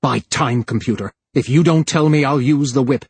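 Man voicing a plump scheming official, fussy, raised pitch, husky, dry. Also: normal speed, a little mellow, dry recording. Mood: scornful. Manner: higher, fussy, pleading voice. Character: plump scheming male computer official, cowardly.

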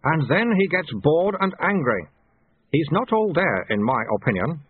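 A blunt senior monk who takes everything literally, as a male narrator puts him on. His voice is a little husky and comes through thin and tinny like a phone call. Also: fairly high pitch, very animated, moderate pace, pitched above the performer's own voice. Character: plain-spoken male senior monk, puzzled.

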